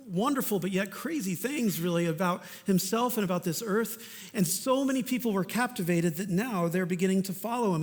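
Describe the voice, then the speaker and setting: A male pastor with a fairly high voice preaches in an earnest, conversational style and drops in casual asides. His words ring out with the long reverb of a church hall. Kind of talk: sermon.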